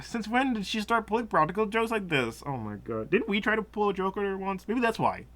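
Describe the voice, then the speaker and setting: A man's voice: high voice, big pitch swings, a bit bright. A man doing let's play commentary, rambling and joking as he plays and laughing often. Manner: rambling, jokey, quick to laugh. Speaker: gameplay commentator.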